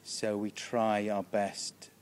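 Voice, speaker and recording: A British comedian gives a meandering backstage interview, chuckling, interrupting himself and frequently restarting his sentences. His voice is low, monotone and darkish, his pace slow, with a little noise in the background.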